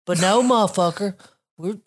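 A woman's voice: medium pitch, normal speed. A woman co-hosting a podcast in casual chat, crude and full of profanity. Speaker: podcast co-host.

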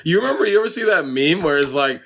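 A man's voice: on the high side, lively intonation, fast talker, a bit bright. A man co-hosting a podcast, chatting casually in slangy talk and slipping into jokey voices. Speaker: podcast co-host. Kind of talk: casual chat.

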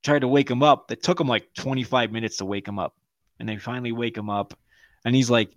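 A man telling a rough personal story as a podcast host, swearing freely and laughing often. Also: medium pitch, fairly quick. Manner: profane, laughing, animated storyteller. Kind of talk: casual storytelling.

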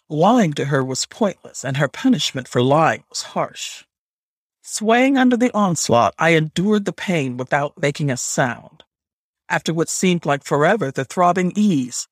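A man reads a first-person story in a measured audiobook voice. His voice sits a little high and has a husky edge. The recording is close and dry. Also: lively intonation, no echo. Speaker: audiobook narrator. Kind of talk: scripted first-person narration.

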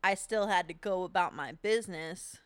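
A woman co-hosting a podcast in casual chat, talking slowly and deliberately, with short reactions. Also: on the low side, clean tone, no room sound, studio quality. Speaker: podcast co-host.

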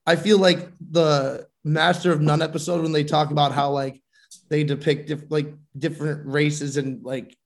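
Guy with a higher voice on a video call, rambles, says like a lot. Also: level tone, normal speed. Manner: rambling, filler-heavy. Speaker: panelist. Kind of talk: casual group chat.

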